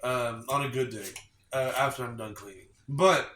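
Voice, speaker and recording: A man's voice: mid-range voice, normal speed, distant mic, crowd noise. A young man co-hosting a podcast, rambling wryly through a casual story. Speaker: podcast co-host. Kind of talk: casual chat. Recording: echoey room.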